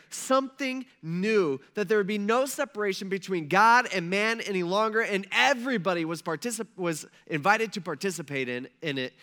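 A man preaching a sermon, moving between hushed storytelling and rising, emphatic passages. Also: high voice, big-room sound. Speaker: pastor.

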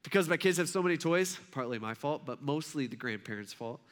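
A man's voice: a little high, expressive, fairly quick, a bit bright. A man in his thirties preaching a sermon, telling a family story in a loose, conversational way full of fillers and restarts. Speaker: pastor.

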